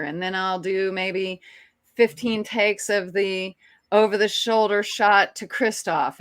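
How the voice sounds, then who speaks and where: A woman who is an actress, telling a story as an interview guest in a lively, chatty way with quick restarts. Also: mid-range voice, smooth, no echo, studio quality. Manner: animated, chatty, frequent restarts and laughs.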